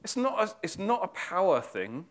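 A man's voice: high-pitched, big pitch swings, moderate pace, fairly bright tone. A man preaching a sermon, retelling a Bible story in a chatty, informal way with fillers and asides.

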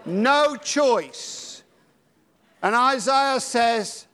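A man's voice: sits high, expressive, measured pace, long pauses. Dramatic British preacher, older man. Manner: dramatic, swings from hushed to shouting. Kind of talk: sermon.

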